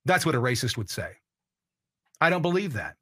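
A man's voice: mid-range voice, sing-song, brisk, fairly bright tone. A man hosting a political commentary show, ranting in a heated, blunt and profane way. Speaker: host.

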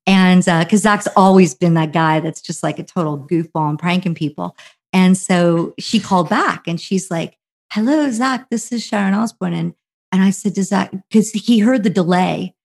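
A middle-aged woman from New Jersey telling a long story as a guest, animated and full of fillers, acting out other people's quotes. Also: fairly low pitch, moderate pace. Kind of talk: casual anecdotal storytelling.

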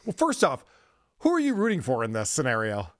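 A man's voice: medium pitch, huge pitch swings, a little fast, no echo, clean studio sound. A man co-hosting a comedy podcast, making sarcastic, mocking jokes in a casual chat. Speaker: podcast co-host.

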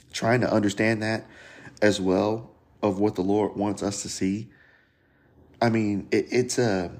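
A man's voice: fairly low pitch, a little mellow. A man teaching a Bible passage on a podcast in an earnest, conversational way, often repeating phrases and speaking frankly to his listeners.

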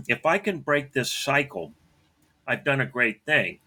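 A man telling a personal story about his father in an earnest way, often clearing his throat and acting out both sides of their talks. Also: medium pitch, very animated, takes it slowly, bright, forceful tone.

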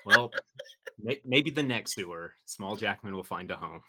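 Brief: male podcast co-host riffing on jokes, animated, bright voice. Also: fairly low pitch, moderate pace. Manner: jokey, riffing on the bit. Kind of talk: casual chat.

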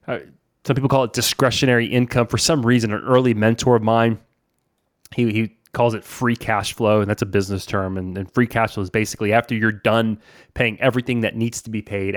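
A man's voice: medium pitch, dry recording, studio quality. A man in his forties, a podcast host from New Orleans, giving casual money advice in a chatty way, often saying "man" and "right?". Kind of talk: casual financial advice talk.

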